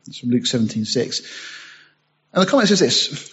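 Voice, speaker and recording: A man's voice: mid-range voice, lively intonation, moderate pace, slightly rough, muffled recording. A man preaching a sermon, reading scripture aloud and rising to emphatic bursts.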